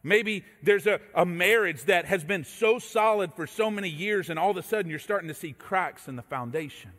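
A man preaching a sermon as a pastor, telling stories with animated energy and acting out voices. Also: sits high, brisk. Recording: echoey hall reverb.

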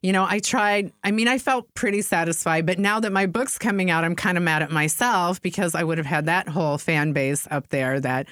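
Middle-aged woman, casual storyteller, acts out quoted voices, smooth tone, dry close sound. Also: on the low side, fairly quick, hardly any pauses, fairly bright tone, dry recording. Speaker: podcast guest.

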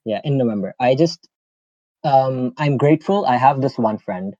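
A man's voice: medium pitch, moderate pace, dark tone, no room sound, highs cut off. A young man from Pakistan hosting a casual podcast, telling a personal story in a rambling way full of "like" and fillers. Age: young adult. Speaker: podcast host.

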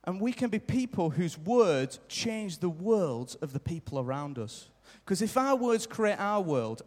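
A man preaching a sermon live in a church, earnest and repeating his key lines for emphasis, sometimes acting out little quoted remarks. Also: high voice. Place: church hall. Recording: live church hall reverb.

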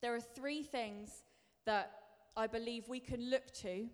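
A woman's voice: fairly high pitch, a little slow. A woman preacher giving a sermon in a chatty, self-deprecating way, building to emphatic bursts. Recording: long reverb of a large hall.

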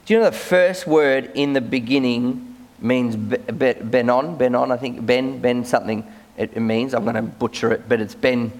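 A man's voice: medium pitch, steady tone, moderate pace. A man preaching a sermon as a pastor, conversational, often repeating words as he starts sentences.

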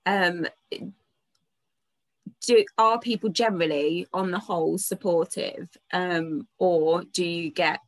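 Supportive woman interviewer, low-pitched. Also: fairly even intonation, slow, dry recording. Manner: warm, supportive listener with frequent sympathetic interjections. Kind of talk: casual interview.

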